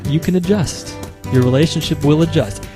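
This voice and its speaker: A man speaking as a marriage therapist, explaining calmly and methodically, often restarting his phrases. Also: fairly high pitch, over music. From United States. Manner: measured, explanatory, with frequent small restarts. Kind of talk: instructional talk to camera.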